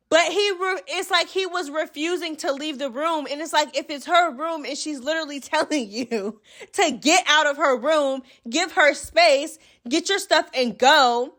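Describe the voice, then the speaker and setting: A woman with a very high, sharp, bright voice hosts a casual recap vlog. She is sassy and expressive, full of slang, and talks straight to her viewers like friends. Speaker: host of a reality TV recap channel.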